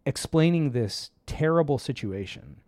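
A man's voice: medium pitch, measured pace, no echo. A man hosting a casual tech talk show, telling stories and acting out the voices in them. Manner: animated storyteller, acts out quoted voices.

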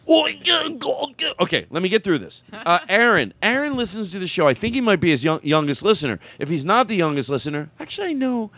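Excitable, rambling man hosting a comedy podcast. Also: high voice, fast talker, hardly any pauses. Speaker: podcast host. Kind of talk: casual comedy podcast chat.

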